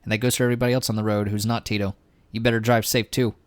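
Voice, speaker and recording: A man's voice: fairly low pitch, little pitch movement, very fast, smooth, no room sound. Joking, foul-mouthed man streamer. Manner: joking, profane, rambling. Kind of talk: casual game commentary.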